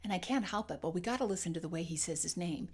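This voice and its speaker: A woman's voice: fairly low pitch, lively intonation, fast talker, darkish tone, husky. A woman teaching an accent lesson, modeling and repeating sounds as she explains. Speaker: dialect coach.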